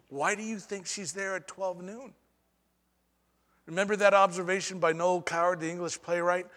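Guy preaching in a big church, kinda high bright voice, goes soft then loud, echo trailing off. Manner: preaching with dramatic pauses and shifts in loudness. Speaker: pastor. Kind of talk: sermon.

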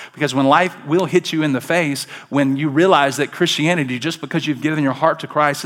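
A pastor with a voice on the high side preaches a conversational sermon at a church service. He shifts between quiet asides and emphatic calls.

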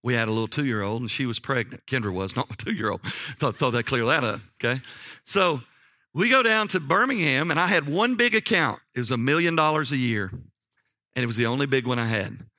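A middle-aged man preaching a sermon, telling personal stories in a folksy, animated way and often checking in with "okay?". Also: mid-range voice, brisk, dry recording, studio quality.

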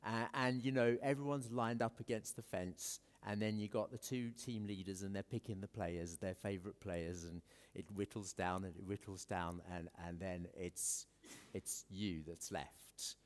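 Recorded in a hall with long, echoing reverb, this pastor from South Africa speaks with an English accent in a low, steady voice at a moderate pace. He preaches conversationally and pokes fun at himself, often using fillers and starting over.

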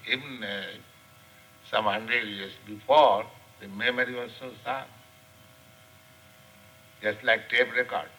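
Slow, bright-voiced older Indian teacher. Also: male voice, mid-range voice, poor audio. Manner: slow, deliberate lecturing with frequent pauses and fillers. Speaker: spiritual teacher. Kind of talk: scripture class lecture. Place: class room.

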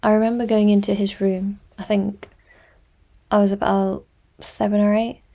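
A woman's voice: mid-range voice, level tone, moderate pace, dark tone, lightly acted. A woman voicing a tired, bitter elder sister who speaks curtly. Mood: weary. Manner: tired, curt.

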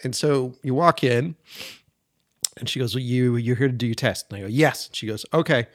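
A man's voice: mid-range voice, brisk, no room sound, clean studio sound. A man in his forties, a podcast host, telling a story casually with profanity and acting out the people he quotes. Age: 40s.

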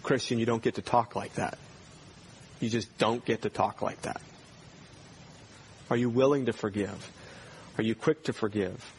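A man's voice: on the low side, fairly even intonation, normal speed, long pauses, a little hiss or hum. A male pastor preaching a sermon in a church, earnestly putting pointed questions to his congregation.

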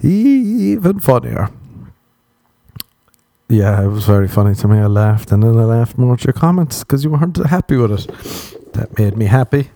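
Young Irish male podcast host: loose, profane, rambling stand-up style with a warm, slightly low voice. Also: a little fast, hardly any pauses, no room sound. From Ireland. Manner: rambling, profane, laughs at his own jokes. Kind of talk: solo comic podcast monologue.

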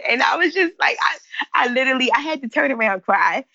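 Woman guest from Philly, lively storyteller, fry in the voice, dull recording. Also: quick pace, no echo. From Philadelphia. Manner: expressive, acts out quotes with big pitch jumps. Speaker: guest, company founder. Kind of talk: animated storytelling in conversation.

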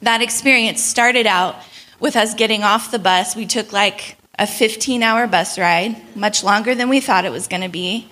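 A young woman telling a travel story in a sermon, animated and laughing often as she acts out the people in it. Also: on the high side. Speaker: speaker at a church gathering.

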